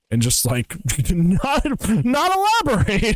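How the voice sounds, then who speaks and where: A man's voice: high-pitched, wildly swooping pitch, slow, pauses often. A reaction streamer, a man, teasing and sarcastic as he mocks a clip, laughing between remarks. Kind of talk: mocking reaction commentary.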